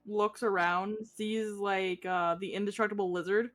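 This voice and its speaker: A young woman hosting a casual drawing stream, giggly and expressive, swearing casually. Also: mid-range voice, normal speed, faint music behind. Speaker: streamer host. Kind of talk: casual chat while drawing.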